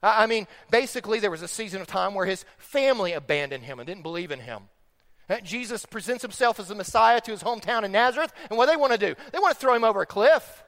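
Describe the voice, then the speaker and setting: Pastor, male, very high voice, emphatic delivery that rises loud and drops quiet, in a reverberant sanctuary. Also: lively intonation. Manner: emphatic preaching that swings between loud stressed phrases and quiet slow ones. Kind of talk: sermon. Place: church sanctuary.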